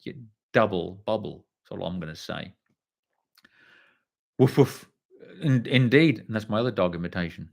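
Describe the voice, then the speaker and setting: A man's voice: fairly low pitch, animated, fairly quick, creaky. Sweary, rambling man. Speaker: livestream host. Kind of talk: casual live chat reading viewer comments.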